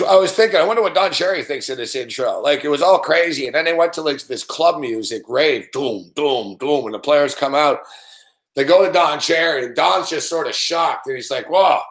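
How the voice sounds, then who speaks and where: A man's voice: fairly high pitch, moderate pace. Profane ranting man, echoey room. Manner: profane, ranting, yells at the game. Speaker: host. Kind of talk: live sports betting reaction stream.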